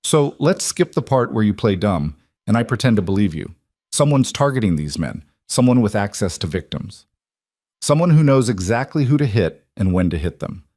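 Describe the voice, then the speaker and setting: A man narrating an audiobook voices a weary female detective who questions in a measured, level way. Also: lowish voice, very animated, a little mellow, dry recording, studio quality. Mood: pressing.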